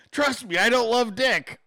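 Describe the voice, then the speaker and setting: A man's voice: extremely high pitch, bright, forceful tone, dry recording, low-quality recording. A man hosting a political commentary show, ranting casually with sarcastic, profane mockery and frequent laughter. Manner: laughs often between remarks. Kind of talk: casual rant.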